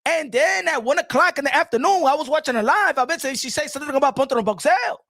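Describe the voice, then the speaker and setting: High, animated man. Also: fast, dry recording, studio quality. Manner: animated, laughing, code-switching, repeats himself. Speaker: boxing live stream host. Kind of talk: casual live-stream chat.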